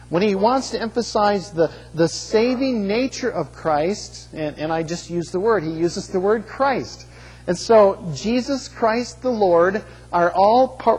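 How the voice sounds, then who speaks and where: A man's voice: sits high, a little mellow, slightly rough. A man preaching a sermon as pastor, earnest, with rhetorical questions and frequent restarts, in a church sanctuary. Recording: long reverb of a large hall.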